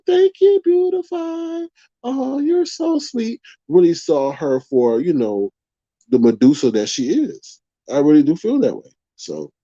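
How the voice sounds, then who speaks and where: Casual animated man, dull dry stream audio. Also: medium pitch, no room sound. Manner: casual, animated, addresses viewers as "y'all". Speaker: YouTube livestream host. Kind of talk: live commentary, reading out chat.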